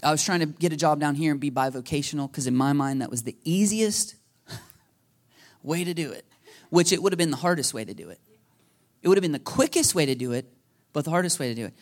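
A man preaching a sermon as a pastor, telling stories with lively energy and acting out conversations with God. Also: fairly high pitch, fairly quick. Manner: animated storytelling, acting out dialogue with God. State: a little emotional.

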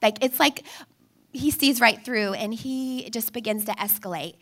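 High-voiced woman preaching with animated stories. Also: measured pace. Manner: animated storytelling, acting out a child and her own pleading. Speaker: speaker. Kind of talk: sermon.

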